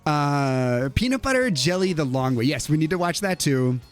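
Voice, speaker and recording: A livestream host talks casually in a voice on the high side at a moderate pace, reading viewer comments aloud and laughing often. He comes across animated and lively, with faint music playing behind him.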